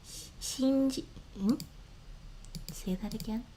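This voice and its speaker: A woman streamer with a fairly high, warm voice chats casually live over a slight hiss or hum. She sounds out words slowly, drops into murmurs and whispers under her breath, and laughs often between phrases.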